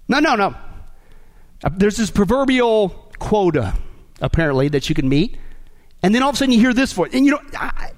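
Animated high-voiced preacher man. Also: fast talker. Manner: animated, sarcastic, swings between loud and hushed. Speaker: pastor. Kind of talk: sermon.

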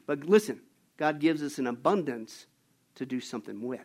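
A man preaching a sermon, emphatic and animated as he tells stories. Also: on the high side, a little fast. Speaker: pastor.

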